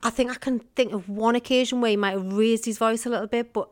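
A woman's voice: a little high, fairly even intonation, quick pace. Chatty middle-aged woman. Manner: chatty and candid, laughs often, says "us" for "me". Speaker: podcast guest. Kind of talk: casual conversation.

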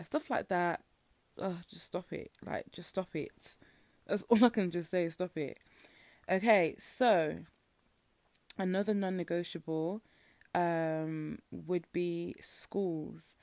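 A woman's voice: fairly low pitch, darkish tone, dry recording. A young woman with a Birmingham accent hosting her solo podcast, talking frankly and opinionated, full of "like" fillers. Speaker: podcast host. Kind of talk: casual solo podcast rant.

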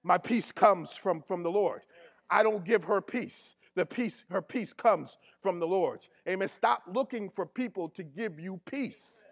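High-pitched guy preaching, says everything twice, keeps asking the church are you with me. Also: measured pace, creaky. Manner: emphatic, repeats key phrases, call-and-response with the congregation; casual colloquial grammar. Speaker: pastor. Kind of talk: sermon.

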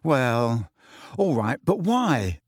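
A man's voice: medium pitch, very animated, extremely slow, slightly rough, dry recording, clean studio sound, full character voice. A man doing an irritable teenage boy. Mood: irritable, flat.

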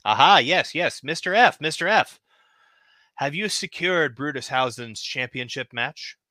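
An eager, fawning wrestling manager hurries to ask about a title match, as a man voices him. His voice is bright and pushy, and the recording is dry. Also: fairly high pitch, lively intonation, unhurried, no room sound.

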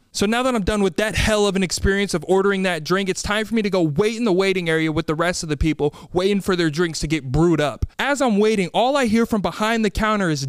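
High-voiced exasperated young man. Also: animated, clear, resonant tone, no echo. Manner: exasperated, rapid rants with acted-out quotes. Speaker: storyteller. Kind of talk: comedic storytelling.

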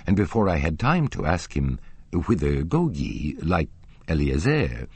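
A man's voice: a bass voice, sing-song, a little slow, creaky, a little mellow, breathy edge, no echo, exaggerated voice. A man voicing an indignant elderly female opera box-keeper, haughty and insistent, in an audiobook reading. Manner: haughty, insistent, gossipy storytelling.

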